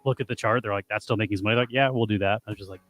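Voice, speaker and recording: A man's voice: lowish voice, fairly even intonation, fairly bright tone, faint music behind. A young man co-hosting a casual podcast, telling grocery store stories with plenty of swearing. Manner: swearing, rapid storytelling. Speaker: podcast co-host. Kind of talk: casual chat.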